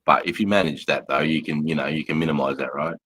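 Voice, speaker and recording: A man's voice: a bass voice, fairly even intonation, fast, fairly bright tone, slightly rough, no room sound. An Australian man on a live stream, blunt and jokey, calling people bro and mate. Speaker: guest on a livestream. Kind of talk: casual live-stream chat.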